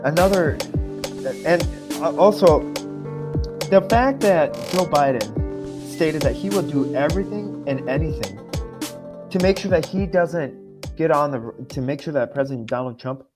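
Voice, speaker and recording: A man on a political podcast who speaks haltingly and is close to tears. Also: on the high side, lively intonation, over music. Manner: halting, restarts often. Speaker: podcast co-host.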